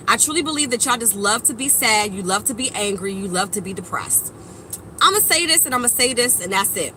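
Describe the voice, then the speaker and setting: A high-voiced woman preaching to her viewers in a blunt, profane vlog, her tone bright and cutting. She swings from loud emphatic bursts to low frustrated mutters. Faint traffic noise sits behind her. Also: low-quality recording. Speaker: spiritual vlogger. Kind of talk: blunt motivational monologue to viewers.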